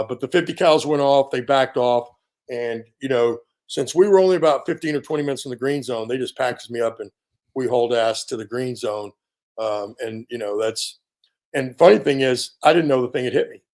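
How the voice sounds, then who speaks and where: An American man in his fifties, a veteran guest on an interview, telling a story in a casual, animated way and filling pauses with ums and you-knows. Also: medium pitch. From United States. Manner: animated storyteller, acts out quoted dialogue, frequent fillers.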